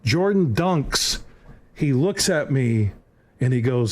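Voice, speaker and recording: Man telling a lively anecdote. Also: medium pitch, slow. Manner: lively anecdote-teller, acts out voices. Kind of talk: animated storytelling.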